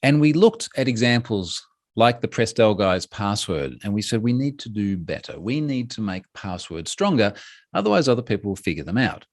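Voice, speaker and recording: A man giving a conference talk, lively and humorous, with quick asides. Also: on the low side. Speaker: speaker giving a talk on password security.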